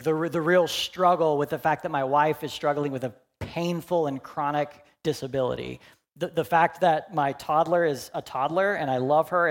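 A pastor in his forties with a slightly high voice preaches a candid, conversational sermon. His delivery swings between loud emphasis and hushed, quiet moments.

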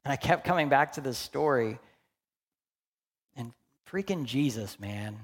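A man in his forties, a pastor preaching a candid, conversational sermon that swings between loud emphasis and hushed, quiet moments. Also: mid-range voice, lively intonation, measured pace, pauses often. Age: 40s.

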